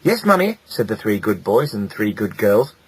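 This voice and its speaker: A man narrating a children's animal storybook in a lively, playful way. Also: fairly low pitch, moderate pace, slightly rough, no echo, low-quality recording. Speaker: audiobook narrator.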